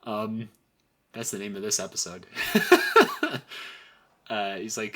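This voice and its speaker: A man's voice: on the low side, huge pitch swings, measured pace, long pauses, a bit bright, husky. A young man co-hosting a casual podcast chat, laughing often as he retells scenes. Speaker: podcast co-host.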